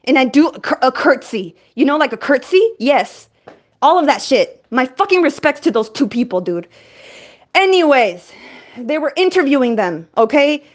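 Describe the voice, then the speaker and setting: A woman host delivering an energetic, profane, rambling monologue. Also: high voice, normal speed. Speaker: podcast host.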